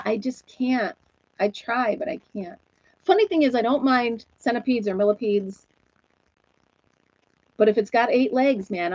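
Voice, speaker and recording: A woman's voice: medium pitch, darkish tone, no room sound. Chatty lady in her 40s talking to her livestream viewers, laughs a lot, kinda muffled dry audio. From New York State. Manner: chatty, laughs often, reads viewer comments aloud. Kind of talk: casual chat. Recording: dull, dry sound.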